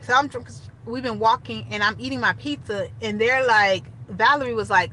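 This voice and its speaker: A young woman casually telling a story straight to her viewers, animated and chatty. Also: a little high, moderate pace, a little hiss or hum, rough recording. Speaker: storytime vlogger.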